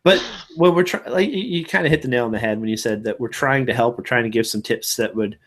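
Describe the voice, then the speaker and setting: Upbeat man hosting an online show. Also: mid-range voice. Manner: upbeat, encouraging, quick to laugh. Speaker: host of a live online photo show. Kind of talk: casual chat.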